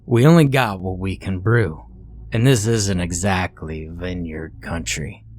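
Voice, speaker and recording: A man voicing a big, bearded frontier man with a gruff, deep voice who talks bluntly and folksy. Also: a little slow, darkish tone, slight background noise.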